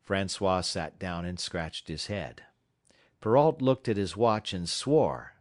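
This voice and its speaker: A man reading a classic novel aloud as an audiobook narrator, in a measured, dramatic storytelling manner. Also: low voice, lively intonation, dry recording, clean studio sound. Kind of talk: scripted narration.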